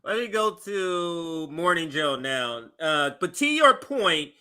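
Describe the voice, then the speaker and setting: A man's voice: fairly high pitch, expressive, slow, pushed and bright. A man hosting a casual political commentary show, laughing easily and talking in loose asides. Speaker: host.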